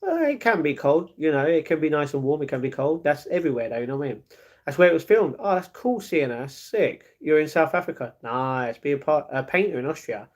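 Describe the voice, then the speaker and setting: Fast-talking young London man. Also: fairly high pitch, lively intonation. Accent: London English. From England. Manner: fast, chatty, rambling with fillers. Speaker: live streamer. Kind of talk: reading and answering live chat.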